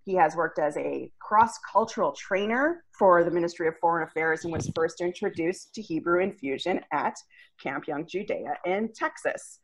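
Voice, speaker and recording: A woman's voice: on the low side, expressive, moderate pace, low-quality recording. Chatty woman hosting a video call. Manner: chatty, friendly introductions with many ums. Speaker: event host.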